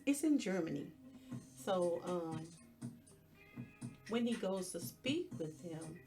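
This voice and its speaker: Slow-talking, chatty woman podcast host. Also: mid-range voice. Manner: chatty and expressive, with playful asides. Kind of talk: casual TV episode recap.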